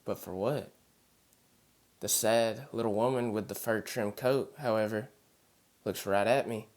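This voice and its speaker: Low-voiced man narrating a horror story. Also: measured pace, darkish tone. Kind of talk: scripted first-person horror narration.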